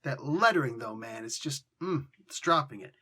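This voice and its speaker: A man hosting a casual comic book review, animated and slangy, now and then acting out lines in mock voices. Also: mid-range voice, normal speed, slightly rough.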